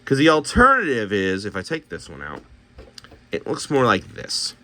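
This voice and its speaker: A man's voice: mid-range voice, wildly swooping pitch, moderate pace, bright, forceful tone. A man casually thinking aloud as he shows paints and miniatures, talking himself through color choices with many restarts.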